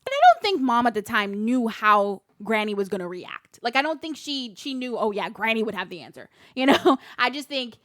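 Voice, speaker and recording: A woman co-hosting a casual podcast who tells personal stories in a chatty way and laughs easily. Her voice sits a little high. The sound is dry and close, with no room echo. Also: normal speed, few pauses, a bit bright. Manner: chatty, laughs often, storytelling. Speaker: podcast co-host. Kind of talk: casual chat.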